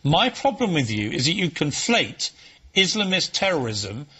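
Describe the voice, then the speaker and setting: Challenging male TV presenter, bright husky voice. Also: fairly high pitch, sing-song, normal speed. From England. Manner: challenging, pressing questions. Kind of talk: heated TV interview.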